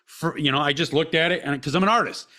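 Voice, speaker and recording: A man's voice: a little high, quick pace, bright, forceful tone. A man hosting a podcast, telling a personal story in a heated, blunt way with constant swearing. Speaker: podcast host.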